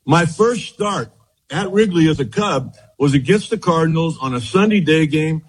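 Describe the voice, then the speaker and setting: A man in his sixties, a former pitcher, telling lively anecdotes in an interview and acting out the quotes. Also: normal speed, slightly rough, low-quality recording. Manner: animated anecdotes, repeats words, acts out quotes. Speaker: former baseball pitcher, guest. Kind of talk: storytelling interview.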